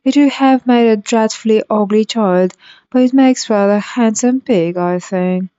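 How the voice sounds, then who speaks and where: A woman's voice: fairly high pitch, a little slow, mellow, no room sound, close to an everyday voice. Woman reading as a polite earnest girl. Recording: dull lo-fi recording.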